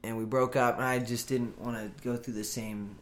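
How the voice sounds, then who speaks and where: A man's voice: mid-range voice, little pitch movement, moderate pace, roomy sound. A man from California chatting casually as a guest, hesitant with frequent restarts and easy laughs. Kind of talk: casual chat.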